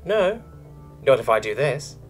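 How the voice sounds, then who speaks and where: A sly, stubborn young catlike alien woman, played by a male narrator talks in a teasing, cooing way. Her voice sits far above his own and swings widely in pitch. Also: huge pitch swings, fairly quick, faint music behind. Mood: smug.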